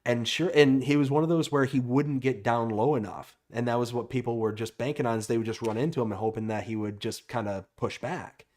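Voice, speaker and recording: A man hosting a livestream chat, telling stories in an animated way and asking easygoing questions. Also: medium pitch, fairly quick, few pauses. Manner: animated storyteller, asks easy questions. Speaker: host.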